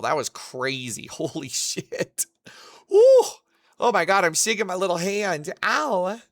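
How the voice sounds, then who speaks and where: A man with a fairly high, pushed, bright voice is livestreaming casually, with no room sound in the recording. He reads his chat messages out loud and fires back crude, profane jokes in a bantering way.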